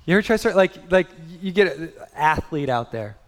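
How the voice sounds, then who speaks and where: A man's voice: on the high side, expressive, normal speed, in a large hall. A man in his thirties preaching a sermon in a conversational way, full of rhetorical questions. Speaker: pastor.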